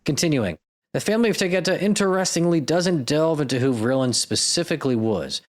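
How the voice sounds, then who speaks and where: A man's voice: fairly high pitch, animated, brisk. Irreverent, profane male podcast host. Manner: irreverent, profane, jokey asides. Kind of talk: comedic podcast narration.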